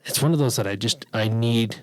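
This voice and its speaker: A man's voice: mid-range voice, fairly quick, no room sound, poor audio. A man co-hosting a board game podcast, chatting casually, laughing often and restarting his sentences. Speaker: podcast co-host. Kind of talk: casual chat about board games.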